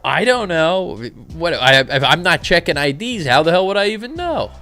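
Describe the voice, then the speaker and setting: Animated man joking on a live stream. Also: a little high, moderate pace, soft background music. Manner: joking, irreverent banter mixed with trade commentary. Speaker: live-stream trading host. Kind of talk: casual live-stream chat with chat replies.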